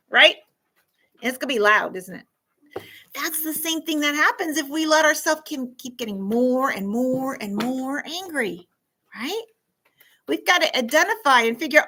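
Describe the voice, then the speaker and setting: Woman, classroom counselor type, bright and higher-pitched, animated, acts things out for kids. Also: normal speed, rough recording. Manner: animated, acts out scenarios, asks the class questions. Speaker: school counselor teaching a class. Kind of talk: classroom lesson to fourth graders.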